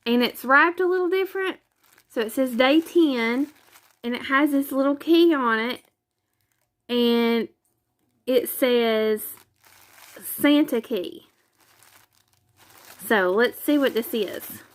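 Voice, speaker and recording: A woman's voice: high voice, slow pace, pauses often. A woman, chatting casually in a craft vlog, gushing and exclaiming often. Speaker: craft vlogger. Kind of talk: casual chat.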